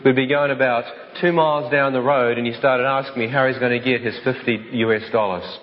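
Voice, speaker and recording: A man tells his own story as a vivid, dramatic testimony and acts out the other people's voices. His voice sits at a middle pitch. The recording is dull, with a long hall reverb. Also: steady tone, a little fast. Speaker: speaker telling his life story.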